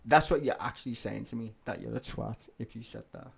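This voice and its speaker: A man's voice: medium pitch, fairly quick, creaky, husky. A man live-streaming, ranting sarcastically and swearing as he reacts to a clip.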